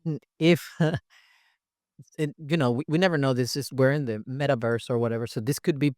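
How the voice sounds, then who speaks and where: A man's voice: mid-range voice, fairly even intonation, normal speed, darkish tone, no echo, clean studio sound. A man hosting a podcast interview in a playful, teasing, upbeat way. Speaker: podcast host. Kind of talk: casual interview chat.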